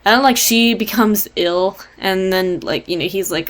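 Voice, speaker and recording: A woman's voice: medium pitch, normal speed. A young woman presenting a casual book report, rambling with lots of fillers and jokey asides. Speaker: student presenter.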